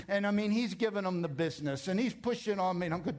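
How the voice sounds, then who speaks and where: A man's voice: high voice, fast talker, few pauses. A man preaching a sermon as pastor, emphatic and conversational, telling stories and joking with his congregation. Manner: animated storytelling, emphatic.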